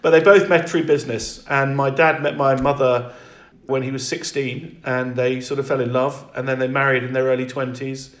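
A man speaking as an interview guest in reflective conversation, halting and restarting often. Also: medium pitch, little pitch movement, roomy sound.

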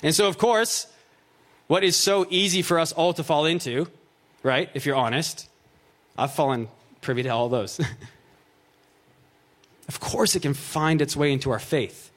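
A man's voice: a little high, measured pace, pauses often, a bit bright. Casual, joking preacher man. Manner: casual, joking asides, fillers of "like" and "right?". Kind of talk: conversational sermon with scripture reading.

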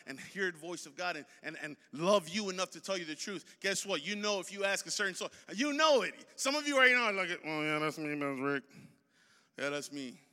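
A man's voice: fairly high pitch, pushed and bright, in a large hall. A man in his forties preaching a sermon as a pastor, building emphasis through repeated phrases. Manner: preaching with rising emphasis and repetition.

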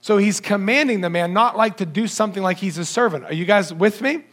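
A man preaching a sermon to a congregation, animated and asking his listeners rhetorical questions as he swings between low and high pitch. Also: fairly quick. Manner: audience-addressing with rhetorical questions.

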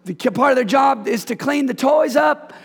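High-voiced gravelly preacher in a reverberant church. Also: male voice, lively intonation, normal speed. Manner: playful call-and-response preaching with laughs. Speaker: pastor. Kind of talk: sermon. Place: church sanctuary. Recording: long reverb of a church hall.

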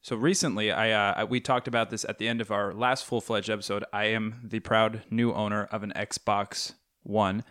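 A man's voice: fairly low pitch, normal speed, hardly any pauses. Rambling young man telling stories. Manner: rambling, animated storytelling with fillers. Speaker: podcast co-host. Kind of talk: casual chat.

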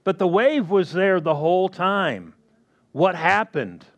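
A man preaching a sermon slowly and emphatically, often asking the congregation questions. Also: sits high, very animated.

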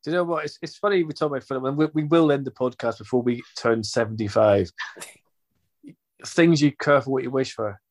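A man's voice: mid-range voice, fairly quick. A man hosting a football fan podcast, chatting casually with jokey, rambling banter. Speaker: podcast host. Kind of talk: casual chat.

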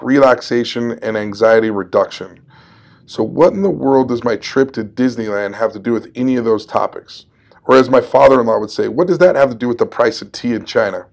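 A man's voice: mid-range voice, vocal fry, darkish tone. A man in his forties hosting a solo podcast, talking in an upbeat, conversational and encouraging way and laughing at himself now and then. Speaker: podcast host.

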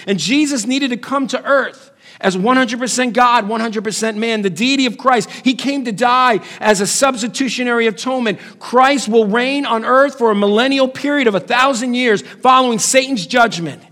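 A man preaching a sermon, emphatic, with big swings between loud and soft. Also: normal speed. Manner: emphatic preaching with dramatic swings in pitch and loudness. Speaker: pastor.

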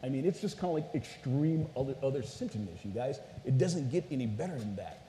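A man's voice: medium pitch, lively intonation, fast talker, mellow. A man preaching a casual storytelling sermon, chatty and playful, often saying "you guys" to the crowd. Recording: echoey hall with faint noise.

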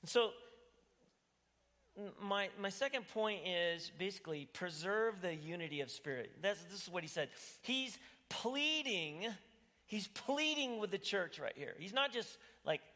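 A man's voice: high-pitched, animated, moderate pace, sharp tone. Earnest preaching man in reverberant hall. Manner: earnest, pleading, rises to emphatic bursts. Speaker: pastor. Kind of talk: sermon.

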